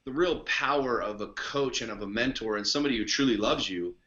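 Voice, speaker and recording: Blunt, profane man with a bright voice. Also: mid-range voice, a little fast, lo-fi sound. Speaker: podcast guest, coach. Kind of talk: casual conversation.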